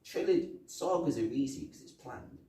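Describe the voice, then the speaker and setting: A man co-hosting a casual film review podcast, excitable and quick to jump into quoted movie lines. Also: mid-range voice. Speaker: podcast co-host. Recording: roomy echo, far from mic.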